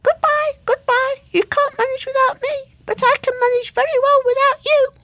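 A woman voicing a cheeky, boastful little magical bird in a storybook reading, high and mocking. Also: fairly even intonation, normal speed, a bit bright, no room sound. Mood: teasing.

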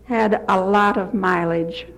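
An older retired woman giving a gentle devotional talk, telling stories with occasional slips and restarts. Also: mid-range voice, steady tone, slow, low-quality recording. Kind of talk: folksy devotional talk with anecdotes.

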